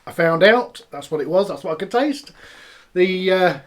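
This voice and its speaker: A man's voice: high-pitched, expressive, moderate pace. A man casually reviewing beers and cider on camera, chatty and rambling as he tastes each one. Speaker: beer reviewer.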